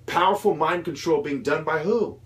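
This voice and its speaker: Angry ranting man, higher voice. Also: moderate pace. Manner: profane, heated, mocking mimicry of opponents. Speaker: video commentator. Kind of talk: angry political rant.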